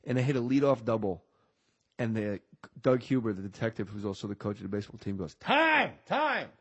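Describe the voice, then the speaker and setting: A man's voice: fairly low pitch, fairly even intonation, quick pace, a little mellow, slightly rough, lo-fi sound. A man in his forties from New Jersey, a podcast guest who tells jokey stories and keeps slipping into other people's voices. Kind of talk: casual storytelling chat.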